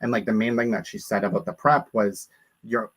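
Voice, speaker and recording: A man's voice: fairly low pitch, fairly even intonation, a little fast, breathy edge. A man in casual chat, indignant and rambling, with many fillers.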